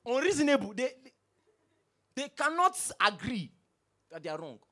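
A Nigerian-accented male pastor delivers a sermon with a high, bright voice. His pitch leaps around as he jokes and fires rhetorical questions at the congregation. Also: normal speed. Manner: animated preaching with humor and repeated rhetorical questions.

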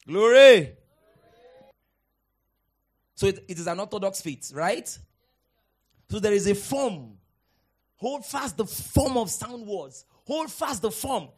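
A male pastor preaching a sermon, swinging from hushed teaching to shouted exhortation and quoting scripture in dramatic old-fashioned wording. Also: high voice, animated, unhurried, slightly rough.

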